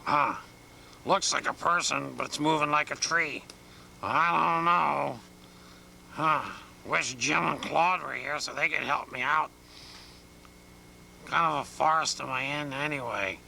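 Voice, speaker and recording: A man voicing a bumbling, puzzled male bear fresh out of hibernation, who talks slowly and mutters his wonderings to himself in a gravelly voice. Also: on the high side, sharp tone, a little hiss or hum, exaggerated voice.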